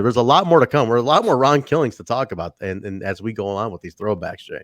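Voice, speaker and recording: A man's voice: medium pitch, fast talker, dry recording, clean studio sound. A man co-hosting a casual wrestling review podcast, laughing often and acting out what wrestlers said. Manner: animated, laughs often, acts out quotes. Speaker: podcast co-host.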